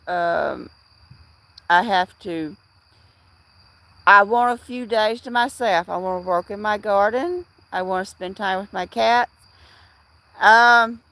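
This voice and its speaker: Middle-aged woman host of a casual livestream; slow, halting talk full of fillers, answering chat by name. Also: medium pitch, vocal fry, a bit bright, no room sound. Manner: rambling, halting, with many fillers and restarts; replies to chat viewers by name.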